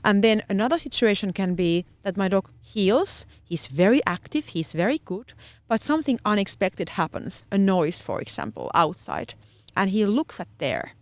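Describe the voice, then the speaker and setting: Woman, mid-pitched voice, halting with many fillers, dry close sound. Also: very animated, darkish tone, dry recording. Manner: searching for words, many fillers. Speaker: guest dog trainer. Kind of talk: casual podcast conversation.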